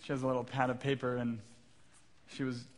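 Pastor dad telling a sermon story. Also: male voice, medium pitch, flat delivery, a little fast. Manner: warm storytelling with self-deprecating humor. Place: church sanctuary.

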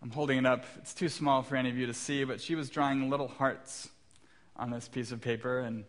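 This pastor, a man in his thirties, has a steady, medium-pitched voice and talks a little fast. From a church sanctuary, he preaches a sermon peppered with anecdotes about his young kids and light self-deprecating humor.

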